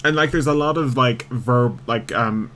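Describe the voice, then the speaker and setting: A man's voice: mid-range voice, a little slow, bright, forceful tone, a little hiss or hum. A man chatting casually and rambling while streaming a video game. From Ireland. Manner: rambling, chatty, frequent laughs. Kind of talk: casual gameplay commentary.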